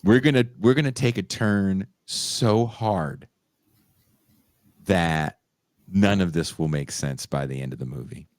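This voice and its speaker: With an unhurried delivery, a man whose voice sits very low and deep co-hosts a relaxed podcast conversation. He tells a story energetically, shrieking suddenly in a high register for the quoted lines, recorded dry and near the mic with no echo.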